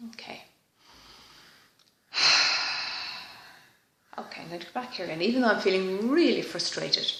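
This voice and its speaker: A woman leading a guided EFT tapping session in a slow, soft, reflective manner, pausing for frequent sighs. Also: on the low side, reverberant, noisy background.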